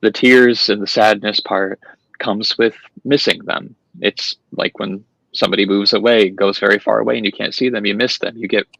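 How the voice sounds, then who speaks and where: A low, gravelly male voice, recorded dry and close. He talks as a podcast guest, thoughtful and earnest. He comes from an Italian-American family. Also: a bit bright, no room sound, poor audio. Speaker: podcast guest, paranormal investigator. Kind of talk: casual chat.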